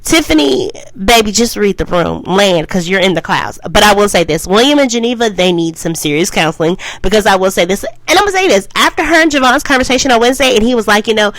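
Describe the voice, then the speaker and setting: A woman's voice: expressive, quick pace, hardly any pauses, fairly bright tone, dry recording, poor audio. A woman reviewing a TV show in a casual vlog. She rambles and goes off topic, and she keeps repeating "I will say this" before she makes a point. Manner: emphatic, swings up high for emphasis.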